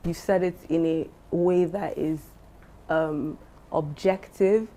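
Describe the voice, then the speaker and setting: A woman's voice: sits low, steady tone, slow pace, mellow. A woman from Nigeria hosting a podcast interview, affirming and drawing out her guest. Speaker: podcast host.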